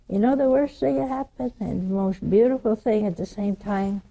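A woman with a Southern US accent preaching a sermon, telling a Bible story in an animated way and dropping to a hush for quoted lines. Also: mid-range voice, normal speed, vocal fry. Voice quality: animated, storytelling, drops to hushed tones for quotes.

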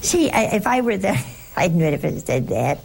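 A woman's voice: fairly low pitch, very animated, normal speed, creaky, darkish tone, a little hiss or hum. A woman giving a conversational sermon as a Bible teacher, teasing her listeners with rhetorical questions.

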